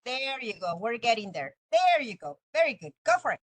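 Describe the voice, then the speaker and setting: A woman's voice: on the high side, big pitch swings, fairly quick, no room sound, low-quality recording. A woman teacher, chatting and telling stories on a video call, laughing often. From Mexico. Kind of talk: online class, casual lecturing.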